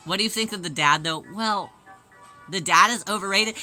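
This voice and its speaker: A woman live streaming while she sews, chatting casually with her viewers in a playful, excitable way. She repeats phrases in quick bursts and rambles with lots of restarts. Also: medium pitch, faint music behind. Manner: rambling, with frequent restarts and fillers.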